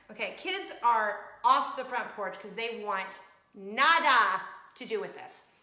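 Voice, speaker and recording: A middle-aged woman hosting a casual vlog, telling a story in an animated way and laughing as she acts out scenes. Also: medium pitch. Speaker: vlog show host. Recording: echoey room.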